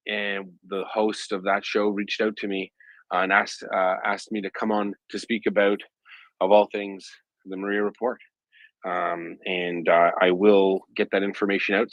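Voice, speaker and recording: A man's voice: low voice, a bit bright, no echo, muffled recording. A man hosting a live audio chat room, talking in a rambling way with many fillers and restarts. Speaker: host of a live audio space.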